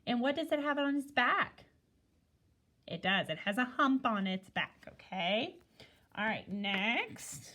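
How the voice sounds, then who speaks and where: This is a woman teaching young children to read, speaking slowly and with a very lively, rising and falling voice. Her voice sits a little high. She keeps stopping to check in with "okay?" and to ask the children questions. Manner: slow, sing-song teacher talk with many "okay?" checks. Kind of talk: guided reading lesson for young children. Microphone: recording a video lesson.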